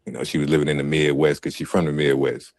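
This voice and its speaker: A man with an extremely deep voice tells a story in an easygoing, laid-back way. The sound is close and dry. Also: level tone, fast talker, a little mellow, no echo. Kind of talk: casual podcast talk.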